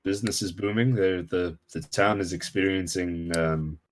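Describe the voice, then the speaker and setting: A man's voice: sits low, steady tone, moderate pace. A man playing a tabletop game in character, speaking formally and courteously. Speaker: player. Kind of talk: in-character roleplay as a courteous noble.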